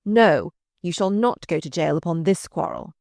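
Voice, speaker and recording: A woman reading aloud voices a sardonic, malicious older male courtier who mocks in slow, drawn-out phrases. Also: on the low side, animated, creaky, darkish tone, no room sound. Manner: mocking, drawn-out.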